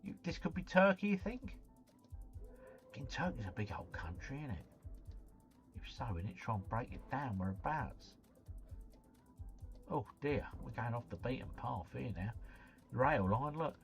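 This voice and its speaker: A man's voice: mid-range voice, big pitch swings, moderate pace, long pauses. A man thinking aloud on a live stream, muttering to himself and then breaking into exclamations. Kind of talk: live-stream commentary while playing a geography guessing game. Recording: slightly muffled, faint background music.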